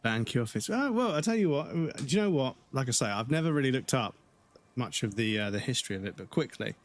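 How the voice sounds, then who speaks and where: A man's voice: mid-range voice, expressive, fast. A man from the UK giving casual, rambling commentary while live-streaming a game, with many hesitations.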